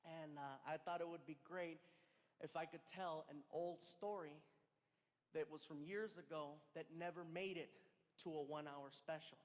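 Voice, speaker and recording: A man in his thirties telling a stand-up comedy story, animated and acting out the people in it. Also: a little high, normal speed. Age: 30s. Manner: animated, acts out other voices, shouts and laughs. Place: large performance hall. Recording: large hall with reverb, faint crowd noise.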